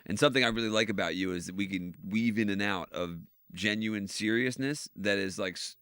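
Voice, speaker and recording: A male podcast host with a bright, forward tone and a slightly low voice. He talks loosely and profanely, then slips into sincere, thoughtful stretches. The sound is close and dry. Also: brisk, clean tone, no echo. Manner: laid-back, profane, drifts into earnest reflection. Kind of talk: casual podcast chat.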